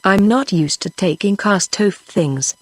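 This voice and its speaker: A woman's voice: medium pitch, lively intonation, measured pace, no echo. A synthetic woman's voice reading the lines of a plucky, outspoken young girl in a storybook, with barely any change from the narration.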